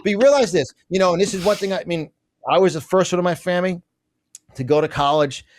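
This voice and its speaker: A middle-aged man with a slightly higher voice talks as an interview guest. His delivery is fiery and emphatic. He rushes through asides and often restarts his sentences. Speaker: guest, conservative business publisher. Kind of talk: fiery political interview talk.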